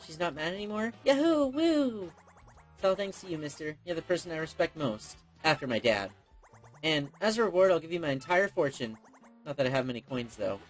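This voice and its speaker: A squealing, high-pitched little bomb boy from a game, eager and excitable, as a man puts him on. The voice leaps way up above the speaker's own, with a faint music bed behind. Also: a little fast, lightly acted. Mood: excited.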